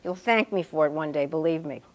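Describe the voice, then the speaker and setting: A woman's voice: deep voice, a little fast, darkish tone, close to an everyday voice. An actress playing an established woman writer who lectures her student with precise, pointed speech in a stage scene. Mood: insistent. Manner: lecturing, precise, wide-ranging inflection. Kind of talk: stage scene performed on a talk show.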